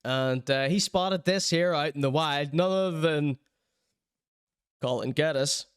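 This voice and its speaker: Man, podcast host, sarcastic chatty commentary, slightly high voice, smooth and crisp, dry close sound. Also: slow, dry recording. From Northern Ireland. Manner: chatty, laughing often, sarcastic. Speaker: podcast host reviewing clips. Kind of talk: casual commentary over clips.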